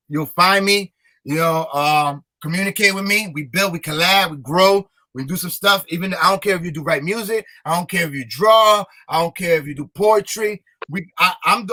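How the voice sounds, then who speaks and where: A man's voice: sits high, a little fast, sharp tone. A young man, a rapper, talking in a casual interview in an emphatic, repetitive, motivational way. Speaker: rapper and guest.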